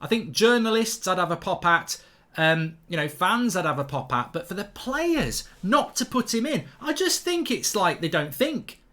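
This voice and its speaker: A man's voice: high voice, very animated, moderate pace, bright, forceful tone. A man from England, a football pundit, ranting in an indignant reaction monologue, repeating himself and stammering over restarts.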